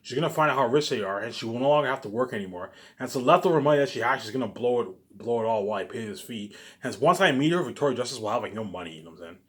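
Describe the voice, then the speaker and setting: Man, vlogger ranting, rapid-fire delivery, profane, repetitive, loud then muttering. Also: expressive. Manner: agitated, profane, repetitive, with many restarts; swings between loud outbursts and low muttering. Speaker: YouTube vlogger. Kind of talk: ranting monologue to camera.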